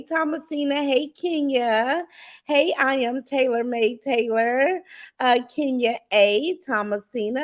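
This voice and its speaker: A woman hosting her own livestream, greeting viewers in the chat one by one in a sing-song lilt, then chatting loosely about her day with plenty of ums. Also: sits high. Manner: relaxed, rambling chat with many ums. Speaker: livestream host.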